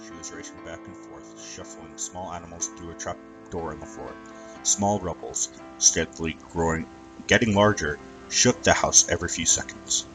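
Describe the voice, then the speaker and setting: A man reading a fan fiction story aloud as narrator, with an even storytelling manner and some stumbles. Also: low voice, low-quality recording.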